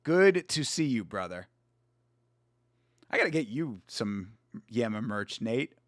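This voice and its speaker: A man's voice: medium pitch, sing-song, slow, no room sound, studio quality. A young man hosting a live fight watch-along stream, chatting casually, swearing and greeting viewers by name.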